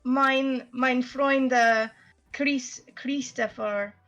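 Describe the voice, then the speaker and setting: A sleazy, scheming nobleman with criminal ties, put on by a woman. He talks slowly and haltingly, reaching for a German accent that keeps slipping. His voice sits fairly high for a man. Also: a bit bright, highs cut off, soft background music. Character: sleazy scheming male nobleman, crime boss.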